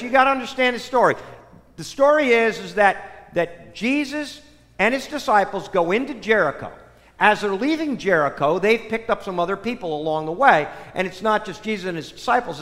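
A man preaching a sermon, telling stories in an animated way that swings between loud and soft. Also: high voice. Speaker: priest. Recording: long hall reverb.

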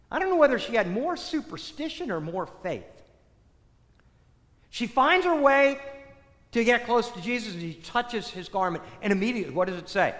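Male preacher, fairly high voice, narrates scripture with rhetorical questions; recorded with a long echo of a large hall. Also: expressive, moderate pace, fairly bright tone. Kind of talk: sermon retelling a scripture story.

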